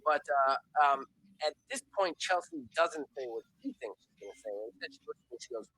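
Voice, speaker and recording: A man's voice: on the high side, lively intonation, brisk, bright, forceful tone, slightly rough, rough recording. A man narrating as game master in a tabletop role-playing game, loose and chatty with many fillers.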